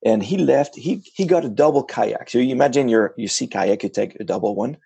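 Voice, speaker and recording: A man being interviewed about his ocean kayak crossing, talking casually in an animated way, with frequent restarts and self-corrections. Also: medium pitch, fairly quick, creaky, slightly rough, dry recording.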